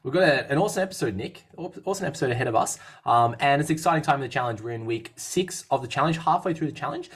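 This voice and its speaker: A man's voice: medium pitch, lively intonation, rapid-fire, few pauses, breathy edge. A man hosting a fitness podcast as a coach, upbeat and rambling with lots of fillers and restarts. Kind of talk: casual podcast chat.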